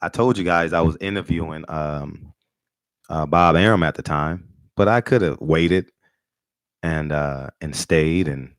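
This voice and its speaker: A man's voice: rumbling low, a little slow, no room sound. A man hosting a casual boxing talk stream, brash and boastful, swearing freely and restarting his sentences often. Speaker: host of a boxing talk channel.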